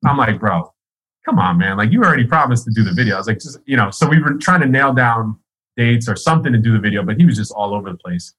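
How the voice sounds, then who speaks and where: Husky, forceful man telling a story. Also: mid-range voice, lively intonation, fast, rough recording. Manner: rambling, profane, laughs often. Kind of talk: casual storytelling.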